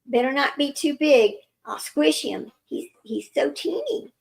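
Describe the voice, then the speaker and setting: Brief: a woman voicing a manipulative fake doctor, tired and sentimental, gravelly, a bit high. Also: expressive, a little slow, full character voice, low-quality recording. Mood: weary sentimental. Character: manipulative self-pitying woman posing as caring doctor.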